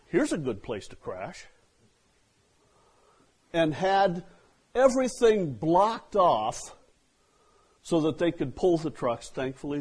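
Slow, husky preacher man. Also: on the high side. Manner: storytelling, swinging from loud outbursts to hushed asides. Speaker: pastor. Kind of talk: sermon.

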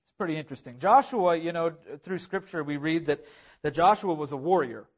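A man delivers a sermon in an earnest, driving way, repeating key phrases to build emphasis. His voice sits notably high for a man. He sounds like a pastor speaking to his congregation. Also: a little fast. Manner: earnest, repetitive preaching with rising emphasis.

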